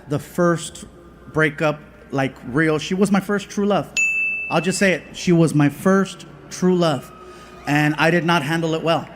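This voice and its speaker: High-voiced male stand-up comedian. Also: slight background noise. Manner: animated storytelling, turning subdued and confessional. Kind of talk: stand-up storytelling. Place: stage in a large theater. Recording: live theater with long reverb.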